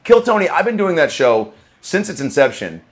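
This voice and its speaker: A man's voice: a little high, big pitch swings, moderate pace. A male comedian hosting a podcast, riffing in a loose, profane, rambling monologue from a comedy club green room.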